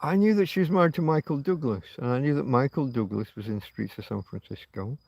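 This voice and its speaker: A man's voice: a little high, gravelly, a little mellow, no room sound. Rambling sweary man on a late-night stream. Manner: musing, sweary, self-talking. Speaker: livestream host. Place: outdoors at night near a road.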